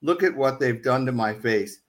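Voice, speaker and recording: A man's voice: medium pitch, expressive, moderate pace, natural voice. A man telling a story who reads out the lines of a frightened young wife in his own everyday voice, distraught and pleading.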